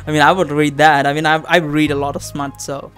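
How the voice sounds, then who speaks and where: A man's voice: fairly high pitch, a little fast, faint music behind. A man in his twenties giving casual, rambling commentary while playing a visual novel, swearing a lot. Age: 20s. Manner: animated, swearing, rambling with many fillers. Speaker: let's play host.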